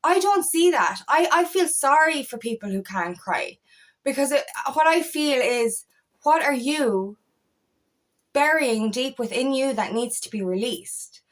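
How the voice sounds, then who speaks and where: A woman's voice: high voice, animated, a little slow. A woman, a feminine empowerment coach, talking straight to camera in a passionate, blunt way, swearing freely. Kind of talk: direct-to-camera talk.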